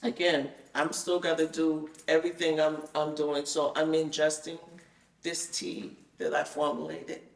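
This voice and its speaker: A woman tells her story in a loose, lively way and acts out each exchange she remembers. Her voice sits a bit back from the mic, and the room around her rings with echo. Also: low-pitched, measured pace, vocal fry. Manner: animated, acts out the conversations she retells. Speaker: guest telling her experience. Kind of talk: casual storytelling. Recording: roomy sound, mic at a distance.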